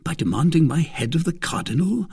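A man voicing a young, impetuous musketeer in a read-aloud novel, urgent and agitated, with a gravelly, husky voice. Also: on the high side, big pitch swings, brisk, a little mellow, pitched above the performer's own voice, full character voice.

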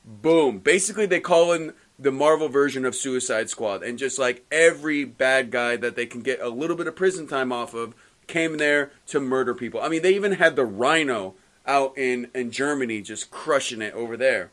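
A man co-hosting a casual podcast, recapping a comic book story with lively quoted lines and frequent restarts. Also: mid-range voice, moderate pace, hardly any pauses. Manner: animated storytelling, recapping plot with quoted voices. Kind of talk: casual chat.

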